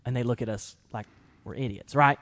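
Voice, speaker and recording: A man of mid pitch hosts a relaxed conversation. He speaks in an animated way, jumping up in pitch as he plays out little quoted lines. His voice has a plain, everyday sound. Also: brisk. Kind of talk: casual podcast discussion.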